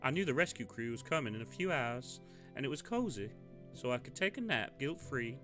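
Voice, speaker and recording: A cheery Southern woman pastor, her voice pitched high and sing-song, as a man puts her on. She sounds bright and gently reassuring. Faint game music plays behind her. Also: sing-song, a little fast. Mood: upbeat. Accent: put-on Southern US. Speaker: let's play narrator voicing characters.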